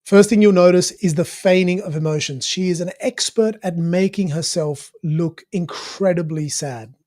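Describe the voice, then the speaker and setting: A high-voiced man breaks down an interview clip he has played, offering casual spoken analysis at a normal speed. He's animated, uses lots of fillers, restarts his sentences and swears casually.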